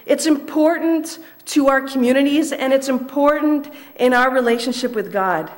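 A young woman preaching a sermon in a measured way, repeating key phrases for emphasis. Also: sits high.

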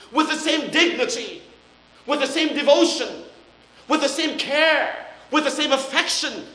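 An older man preaching a sermon as a pastor, earnest and then dropping to soft, awed tones. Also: extremely high pitch, lively intonation, slow. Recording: roomy hall echo.

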